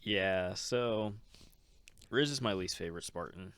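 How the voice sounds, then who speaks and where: A man's voice: deep voice, unhurried, fairly bright tone, clear, resonant tone, no room sound, clean studio sound. Easygoing man laughing through casual chat. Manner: easygoing, laughs often, filler "like" and "um". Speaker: podcast co-host.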